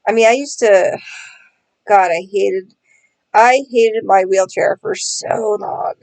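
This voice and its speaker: A woman's voice: medium pitch, takes it slowly, gravelly, darkish tone. A woman vlogger in casual chat, sarcastic and self-mocking, laughing often as she talks.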